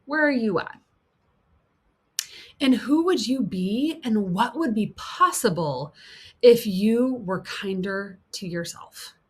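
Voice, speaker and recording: A woman coach giving an earnest teaching talk. She repeats key points for emphasis, voices the harsh inner critic, and slips into a soft, soothing tone. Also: mid-range voice, lively intonation, takes it slowly, breathy edge. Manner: soft, soothing tone for self-kindness.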